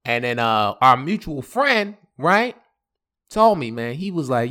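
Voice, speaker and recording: A man telling a personal story on his podcast, casual and animated, acting out the other people in it. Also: mid-range voice, normal speed. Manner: animated, acts out quoted voices, laughs often. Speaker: podcast host.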